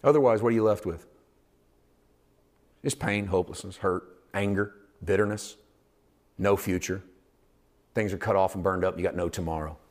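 A male preacher delivering an impassioned sermon in a lowish voice. He moves between hushed, close delivery and loud, shouted peaks. He speaks to a church congregation. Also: moderate pace, pauses often. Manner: impassioned, swings from low intimate to loud shouting.

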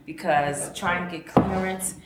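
An older woman, an independent filmmaker, speaking on a panel and telling animated stories with acted-out quotes. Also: lowish voice, unhurried. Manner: animated, storytelling, acts out quoted dialogue. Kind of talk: panel discussion. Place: panel event room. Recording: echoey room with background noise.

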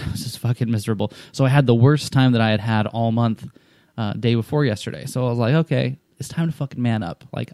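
A man of middling pitch tells a long story in casual conversation. He rambles, swears freely and keeps restarting his sentences. The sound is dry and close, with no room echo. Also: darkish tone, smooth. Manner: rambling and profane, with frequent restarts. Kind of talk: casual chat.

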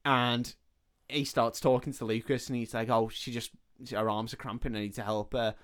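A man's voice: medium pitch, flat delivery, moderate pace, fairly bright tone, smooth. A man, a podcast host casually retelling a film's plot and acting out the characters' lines. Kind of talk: casual film recap chat.

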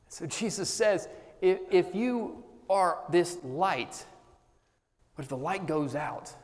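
A man preaching in a fairly high voice, earnest and emphatic, and now and then breaking into animated humor. His words ring out with the long reverb of a large sanctuary. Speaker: pastor. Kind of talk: sermon.

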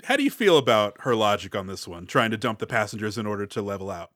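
A man's voice: lowish voice, very animated, quick pace, a bit bright, no room sound, clean studio sound. Man co-hosting a podcast, recapping plots. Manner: summarizes plots, explains his theories. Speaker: podcast co-host. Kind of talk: casual movie discussion.

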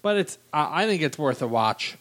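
A man's voice: on the high side, big pitch swings, normal speed, a bit bright. A man chats casually as a podcast co-host. He rambles through a show recap, full of ums and restarts as he hunts for names and words. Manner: rambling, hesitant, searches for words. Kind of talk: casual chat.

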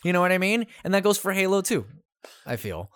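A podcast co-host rambles through gaming anecdotes in casual chat, cursing freely in an animated voice that rises and falls a lot. His medium-pitched voice moves briskly, and the sound is dry and close with no echo.

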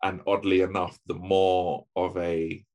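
A man with a fairly low voice tells a story at an easy, unhurried pace. His casual chat is loose and conversational, padded with fillers as he goes. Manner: relaxed storyteller, many fillers.

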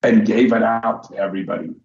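A man's voice: fairly low pitch, fairly even intonation, darkish tone, echoey room, muffled recording. A man hosting a radio show who chats casually and crudely, jokes around and laughs often. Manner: crude, joking, quick to laugh. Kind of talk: casual bawdy radio chat.

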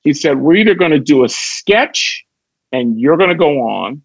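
A man's voice: on the high side, moderate pace, husky, no echo, rough recording. A middle-aged man from Chicago, a comedian guest on a podcast, telling a backstage story and acting out the quoted dialogue. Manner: lively anecdote teller who acts out quoted dialogue.

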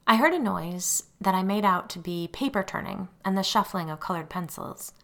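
A middle-aged woman narrating a first-person memoir audiobook, expressive and acting out her own quoted lines. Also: mid-range voice, normal speed.

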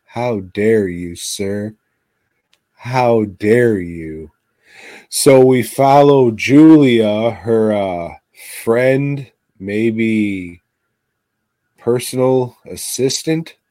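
A man co-hosting a podcast, talking about movies in a crude, sarcastic way full of swearing and sudden loud outbursts. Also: on the low side, no room sound. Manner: profane, sarcastic, animated outbursts. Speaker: podcast co-host. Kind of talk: crude casual film chat.

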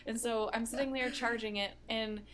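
Chatty young woman, slightly high voice. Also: steady tone, moderate pace, a bit bright. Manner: rambling, laughs often, swears casually. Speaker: podcast co-host. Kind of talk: casual chat, storytelling.

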